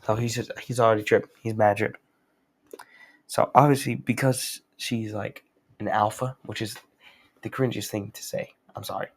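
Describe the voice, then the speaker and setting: Young guy rambling thru a recap, slangy, low husky voice. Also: steady tone, moderate pace. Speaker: host. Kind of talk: casual comic recap.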